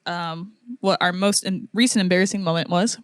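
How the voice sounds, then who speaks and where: A woman's voice: lowish voice, fairly even intonation, a little fast, clean tone, no room sound, studio quality. A young woman from the United States co-hosting a podcast, chatting casually and telling stories with frequent giggles. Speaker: podcast co-host. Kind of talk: casual chat.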